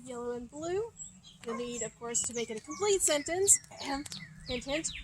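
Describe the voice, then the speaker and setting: A woman teacher with a high voice walks through a recorded lesson in a patient, methodical way. She spells words out letter by letter and thinks aloud with frequent ums, while a faint noise sits behind her voice.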